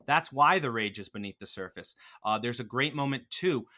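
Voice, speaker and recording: A man hosting a podcast and arguing the defense in a casual debate, animated and combative, with a lot of swearing. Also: mid-range voice, normal speed.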